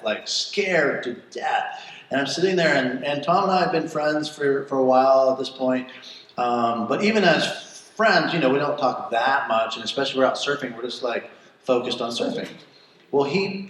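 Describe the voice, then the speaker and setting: A man hosting a live event, telling a lively personal story to an audience and laughing often. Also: mid-range voice. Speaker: event host. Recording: echoey room, far from mic.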